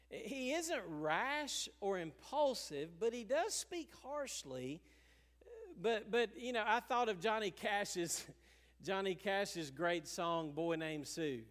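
High-voiced preacher in a reverberant sanctuary. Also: male voice, takes it slowly. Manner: animated preaching, chuckling, acts out quotes. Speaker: pastor. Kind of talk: sermon.

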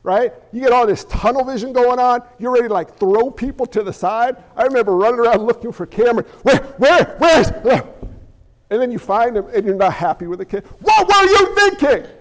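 A man preaching a sermon as pastor in an animated, conversational way with jokey asides. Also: extremely high pitch, fast, hardly any pauses, big-room sound.

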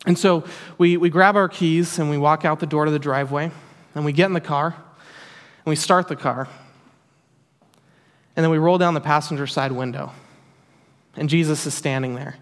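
A man's voice: a little high, fairly even intonation, moderate pace. A man preaching a sermon in an earnest, emphatic way, repeating key phrases for weight. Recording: long hall reverb.

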